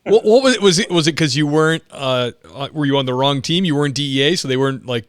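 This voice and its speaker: A man hosting an interview, chiming in with chummy prompts and quick reactions. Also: on the high side, smooth, no room sound, studio quality. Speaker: podcast host. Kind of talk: casual interview.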